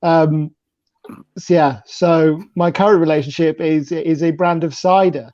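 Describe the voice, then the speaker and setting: A man's voice: on the high side, steady tone, measured pace, a little mellow, no room sound. A man chatting as a comedian on a panel show, hesitant and full of ums. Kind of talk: casual comedy panel chat. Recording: dull dry lo-fi mic.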